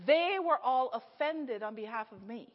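A middle-aged woman preaching a storytelling sermon, animated, laughing often and acting out the people in her story. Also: fairly high pitch, moderate pace. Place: church hall. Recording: echoey hall, slightly dull sound.

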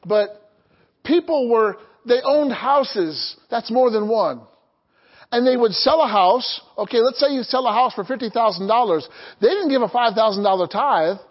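A man's voice: very high voice, dull audio. A man preaching a sermon as pastor, calling out to the congregation and prompting them to answer back. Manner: call-and-response preaching, asks the congregation to answer.

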